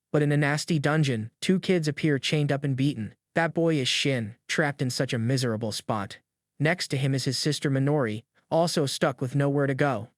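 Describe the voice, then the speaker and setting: A man's voice: fairly high pitch, dry recording, clean studio sound. A man narrating a comic story recap in a hyped, scripted storytelling style.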